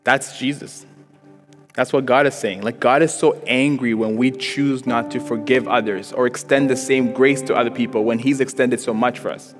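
A man's voice: mid-range voice, fairly even intonation, normal speed, music in the background. A young man preaching a sermon in a church, telling stories casually with lots of "like" fillers. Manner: casual, storytelling, frequent "like" fillers, acts out quotes. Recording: long reverb in a church hall.

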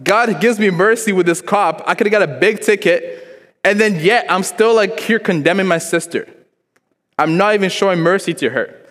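In a church hall with long reverb, a young man whose voice sits high and fairly bright preaches at a moderate pace. He tells stories in a casual way, voices the quotes, and leans heavily on "like" as a filler.

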